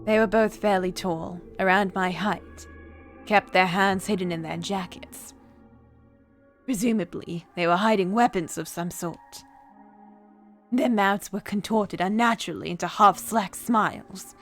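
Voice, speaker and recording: A woman reading a cold, calm young man who craves violence, in an even, measured voice while reading a game aloud. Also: mid-range voice, soft background music, natural voice.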